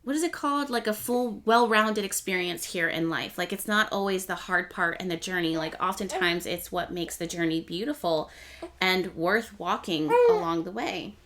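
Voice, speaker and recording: A young woman hosting an astrology channel, talking casually and rambling a little as she explains the week's transits. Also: moderate pace. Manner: chatty, rambling, self-correcting; speeds up and rises in pitch when excited. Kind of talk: casual astrology talk to camera.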